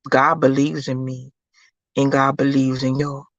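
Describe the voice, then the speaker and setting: A livestream host giving an emphatic, repetitive faith-based pep talk, calling listeners "baby" and swinging from low, slow murmurs up to high, loud bursts. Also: flat delivery, no room sound, highs cut off. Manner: preachy, emphatic, repeats phrases, calls listeners baby.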